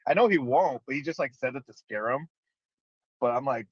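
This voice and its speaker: Casual podcast man, mid voice, animated and profane, lo-fi dry sound. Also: medium pitch, brisk, slightly rough, dry recording. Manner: emphatic, profane, animated storytelling. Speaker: podcast co-host. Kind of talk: casual chat. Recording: dull, dry lo-fi audio.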